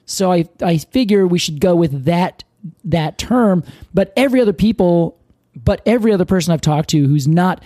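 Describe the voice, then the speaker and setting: A man's voice: sits high, lively intonation, moderate pace, dark tone, dry recording, studio quality. A man co-hosting a podcast in casual chat, chatty and laughing often as he explains things at length. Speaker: podcast co-host.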